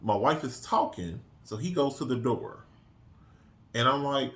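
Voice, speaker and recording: A middle-aged man casually telling a story, acting out quoted voices in an animated way. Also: mid-range voice, moderate pace, gravelly. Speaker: co-host.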